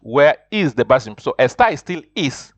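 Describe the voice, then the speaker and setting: A man teaching a beginner Spanish lesson, repeating phrases slowly, with many restarts. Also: medium pitch, very animated, no echo. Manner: slow, repetitive drilling of phrases; frequent restarts and fillers. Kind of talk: spoken language lesson.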